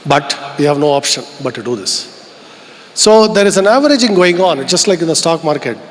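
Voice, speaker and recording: A man with an Indian English accent speaks in a fairly high voice, delivering an earnest keynote at a conference. He muses aloud and poses rhetorical questions to the crowd, and his words ring out with the long echo of a large hall. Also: big pitch swings, fairly quick.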